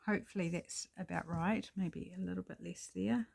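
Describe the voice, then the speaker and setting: A woman's voice: lowish voice, fairly even intonation, normal speed, gravelly, a little mellow. A woman hosting a casual crafting tutorial at her table, thinking aloud and apologizing with self-deprecating chatter as she works. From New Zealand.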